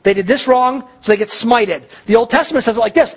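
A male pastor delivering a sermon, preaching emphatically with dramatic pauses and repetition. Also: high voice, animated, husky.

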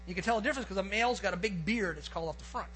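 Pastor, male, high and bright voice; animated storyteller mid-sermon. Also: racing, a little hiss or hum, low-quality recording. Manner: lively storyteller, acts out quotes and gets excited. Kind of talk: sermon with a personal hunting story.

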